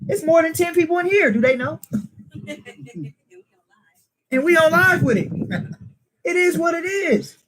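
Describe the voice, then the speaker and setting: High-voiced emphatic man preaching. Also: expressive, a little slow, pauses often, fairly bright tone, low-quality recording. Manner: emphatic, rhetorical questions, teasing laughs. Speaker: teacher. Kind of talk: informal preaching to a small group.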